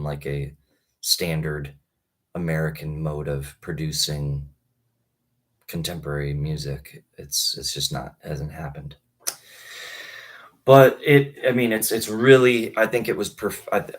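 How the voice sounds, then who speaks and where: A man in his thirties talking casually on a live stream, rambling with many halting restarts. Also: a bass voice. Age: 30s. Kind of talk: casual livestream talk.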